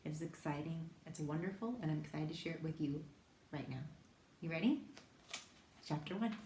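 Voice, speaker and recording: Low-voiced woman reading a storybook aloud. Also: normal speed, warm tone. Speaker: reader. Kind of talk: reading a children's novel aloud. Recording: echoey room, faint background hiss.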